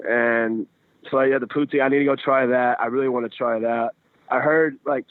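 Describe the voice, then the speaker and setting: A man's voice: mid-range voice, fairly even intonation, brisk, dry recording. A young man in his twenties talks over a tinny phone line with a dry, close sound. He answers in an easygoing way and often loops back to restart his phrases. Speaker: guest baseball pitcher. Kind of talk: casual interview answers. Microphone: phone call.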